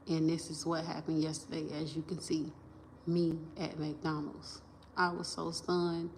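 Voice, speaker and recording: A woman's voice: deep voice, completely flat delivery, unhurried, darkish tone, slight background noise. A woman on a livestream, talking in a rambling, emphatic and profane way, restarting sentences and repeating herself into a phone camera.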